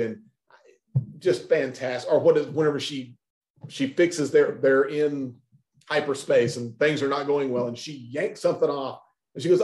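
A man's voice: fairly high pitch, moderate pace, a little mellow, echoey room. A man co-hosting a podcast, giving wry, emphatic opinions in casual chat. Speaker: podcast co-host.

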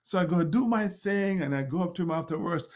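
A man's voice: high voice, brisk, a little mellow. A middle-aged man with a Jamaican accent, a guest telling anecdotes with frequent laughs, fillers and restarts. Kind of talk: storytelling conversation.

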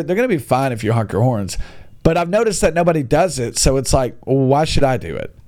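A man vlogging casual tips, ranting in an exasperated, animated way and mincing his swears. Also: a little high. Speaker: vlogger giving e-bike riding tips.

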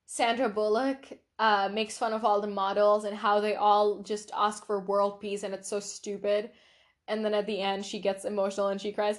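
A young woman hosting her own podcast, chatting casually and rambling with lots of fillers and giggles. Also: medium pitch. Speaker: podcast host. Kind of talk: casual solo podcast chat.

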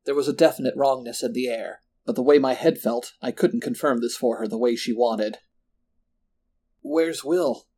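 A man reading a first-person horror story in a measured, descriptive way. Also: medium pitch, steady tone, warm tone. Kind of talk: scripted horror narration.

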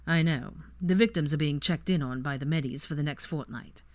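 A woman voicing an aloof young wizard with a dry, deadpan way of talking. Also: low-pitched, brisk, dry recording, natural voice. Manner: drawling, deadpan, teasing.

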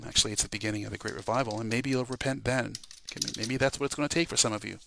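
A man's voice: medium pitch, steady tone, very fast, creaky, fairly bright tone, a little hiss or hum. A man preaching an urgent warning sermon, repeating himself and exhorting listeners to repent. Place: home, podcast voice message.

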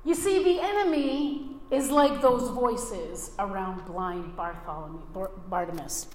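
A woman's voice: mid-range voice, a little slow, slight background noise. A woman preaching a sermon earnestly, with frequent restarts, acting out the voices she quotes. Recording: very echoey hall, faint room ambience.

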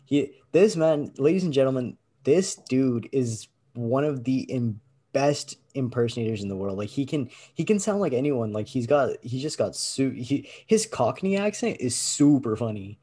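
A man's voice: medium pitch, animated, moderate pace, dark tone, breathy edge. A young man co-hosting a podcast in casual, slangy chat over a video call. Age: young adult. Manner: laid-back, slangy. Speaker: podcast co-host.

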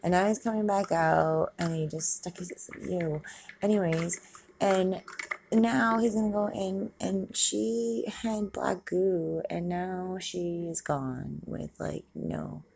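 A woman's voice: fairly low pitch, fairly even intonation, slow pace, creaky, darkish tone, breathy edge. A woman giving a casual, chatty commentary as she watches a movie, swearing freely and laughing and exclaiming at the screen. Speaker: movie reaction vlogger.

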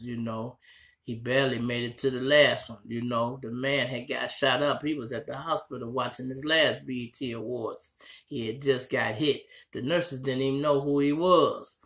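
A man's voice: medium pitch, fairly even intonation, normal speed, a bit bright. Male podcast host, Chicago accent, loose and profane, talking straight to his listeners. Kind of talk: casual street commentary.

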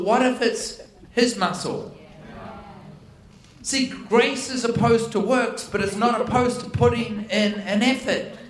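A man preaching a storytelling sermon, animated and playful, acting out dialogue with self-deprecating humor. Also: extremely high pitch, slow pace. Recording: echoey hall from far off.

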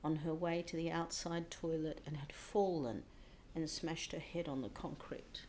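Woman telling her own hard story in an interview, lowish voice, goes hushed and whispery sometimes. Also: a little hiss or hum. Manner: intense, drops to a hushed whisper at times. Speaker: interview guest. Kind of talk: personal storytelling.

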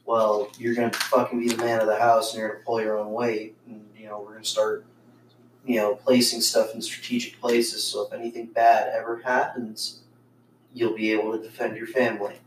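A man's voice: fairly low pitch, monotone, brisk, reverberant, distant mic, a little hiss or hum, lightly acted, low-quality recording. A man quoting his blunt, commanding father giving him orders.

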